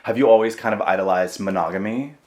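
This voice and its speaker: A man hosting his channel in a casual chat, excitable and swearing, laughing at himself. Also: lowish voice, fast talker. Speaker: host. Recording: echoey room.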